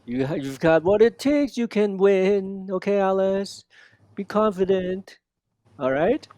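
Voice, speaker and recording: A man coaching a student one on one, modeling lines slowly and repeating them with lively energy. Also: high voice, no room sound. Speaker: accent coach. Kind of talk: one-on-one language lesson.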